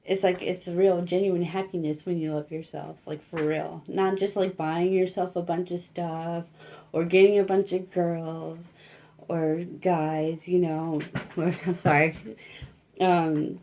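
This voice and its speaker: A woman's voice: fairly low pitch, little pitch movement, measured pace, warm tone, slight background noise. A young woman giving a casual tarot reading, rambling and self-conscious, laughing often and filling her talk with likes and you-knows. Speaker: tarot reader.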